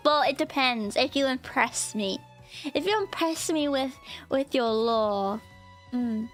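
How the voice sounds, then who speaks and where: A woman's voice: high voice, animated, slow pace, soft background music. A woman streamer chatting casually and playfully with her viewers, often thanking them. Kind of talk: casual live-stream chat.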